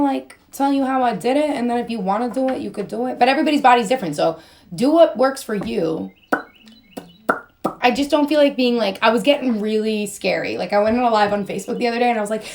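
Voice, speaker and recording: Young woman, slightly high voice, goofy rambling live-stream host, sing-song and a bit strained. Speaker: model and influencer. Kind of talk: casual live-stream chat while doing makeup.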